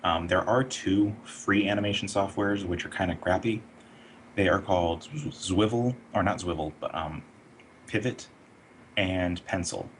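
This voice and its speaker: Deep-voiced guy casually explaining animation stuff, lots of ums, bit of faint hiss. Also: a little slow. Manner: relaxed, explanatory, with frequent fillers. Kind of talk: casual online interview.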